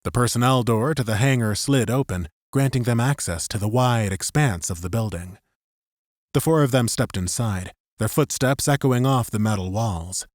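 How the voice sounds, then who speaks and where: A man narrating a science fiction audiobook in an expressive scripted style, close to the mic. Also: medium pitch, normal speed, no echo.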